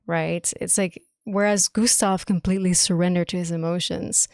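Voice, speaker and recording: A woman's voice: fairly low pitch, darkish tone, smooth, no room sound, studio quality. A young woman streamer giving live reaction commentary on a game, gushing and emphatic, swearing often.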